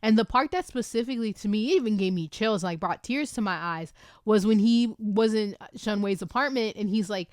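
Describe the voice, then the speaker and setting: A woman host excitedly talking through a book she loves, gushing with lots of fillers, in a casual review chat recorded at home on a desk microphone. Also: mid-range voice, measured pace, smooth, no room sound, clean studio sound. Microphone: desk microphone with camera.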